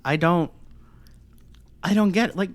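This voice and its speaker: Podcast co-host, male, slightly high voice, heated profane ranting. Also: measured pace. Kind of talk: casual podcast chat.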